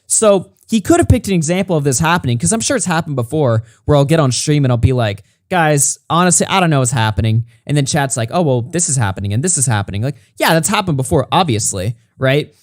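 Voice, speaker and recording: A man's voice: a little high, animated, quick pace, hardly any pauses, dry recording, studio quality. A man streaming, reacting to a critic's video with mocking, sarcastic, heavily profane commentary. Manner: mocking, sarcastic, heavy swearing.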